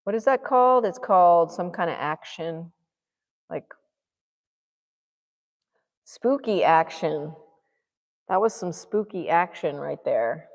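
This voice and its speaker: A woman's voice: lowish voice, expressive, slow, pauses often, big-room sound. A woman artist vlogging as she paints, musing and muttering to herself and encouraging herself along. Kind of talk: thinking aloud while painting.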